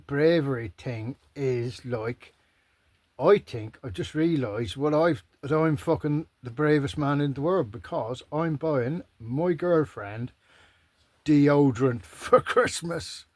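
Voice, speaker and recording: A man's voice: fairly high pitch, slow, dry recording. A man rambling to camera in a casual, sweary, self-mocking monologue. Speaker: vlogger.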